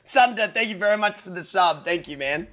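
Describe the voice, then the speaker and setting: Excitable young streamer with a high, lively voice. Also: male voice, fairly quick. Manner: excitable, yelling and hushing at the game. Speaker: gaming streamer. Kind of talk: live game commentary. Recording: noisy stream mic audio.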